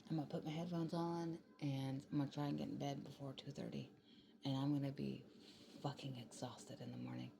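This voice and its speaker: A woman's voice: a bass voice, flat delivery, fairly quick, vocal fry, mellow, slight background noise. A tired young woman, rambling casually into her phone late at night at home, swearing freely and slipping into whispers. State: tired and yawning. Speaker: vlogger.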